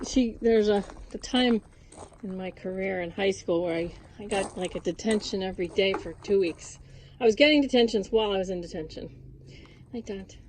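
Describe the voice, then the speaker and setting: A woman's voice: mid-range voice, darkish tone, slight background noise. A woman vlogger telling a rambling casual story with many restarts and asides while she does chores outdoors on a farm. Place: outdoors at a farm with goats and chickens.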